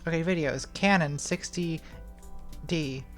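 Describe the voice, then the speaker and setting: Candid woman streamer, lowish voice. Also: unhurried, soft background music. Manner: candid, offhand, reads chat questions aloud. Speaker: streamer answering patron questions. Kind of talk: casual live-stream Q&A. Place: home room with smart lighting. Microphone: boom mic.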